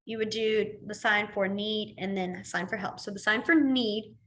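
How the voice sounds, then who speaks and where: A woman's voice: medium pitch, normal speed, fairly bright tone, a little hiss or hum. A young woman teaching a casual class, chatty, with frequent laughs and fillers. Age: young adult. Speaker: sign language teacher.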